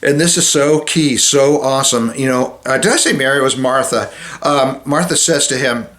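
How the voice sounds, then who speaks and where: Male chaplain, mid-pitched voice, casual devotional talk, halting and conversational, acts out Bible quotes. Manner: conversational, with many restarts and fillers; acts out Bible quotes, drops soft and low at solemn moments.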